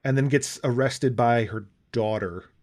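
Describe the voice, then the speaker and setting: A man's voice: medium pitch, a little slow, darkish tone. A man co-hosting a podcast, chatting casually about a movie with lots of fillers and restarts. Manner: rambling, many fillers, swearing asides. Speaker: podcast co-host. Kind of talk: casual movie review chat.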